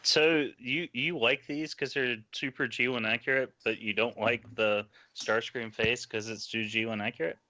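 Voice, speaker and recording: A man's voice: medium pitch, steady tone, normal speed, hardly any pauses, bright, forceful tone. A man co-hosting a podcast, chatting casually with crude, swearing banter. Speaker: podcast co-host. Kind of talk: casual chat. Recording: dull lo-fi podcast audio.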